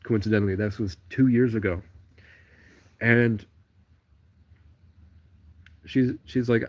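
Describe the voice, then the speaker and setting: A man's voice: on the low side, steady tone, a little slow, pauses often, lo-fi sound. Rambling man on a solo livestream. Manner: stream-of-consciousness, digressive storytelling.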